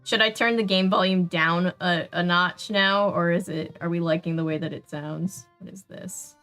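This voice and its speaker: A woman's voice: on the low side, steady tone, normal speed, fairly bright tone, faint music behind. A woman with a Southern US accent, chatting casually and laughing often while streaming a video game. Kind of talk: casual gameplay chat.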